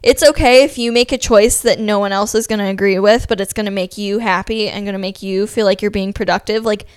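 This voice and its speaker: A woman's voice: mid-range voice, steady tone, brisk, clean tone, no echo, clean studio sound. A young woman from Ohio hosting her own podcast, talking in a chatty, upbeat way with a lot of "like" fillers. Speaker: podcast host. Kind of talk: casual solo podcast monologue.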